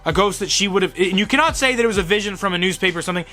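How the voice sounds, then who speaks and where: A young man hosting a show, giving a profane, rambling, excitable fanboy review of horror movies. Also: sits high, very fast, soft background music. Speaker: host.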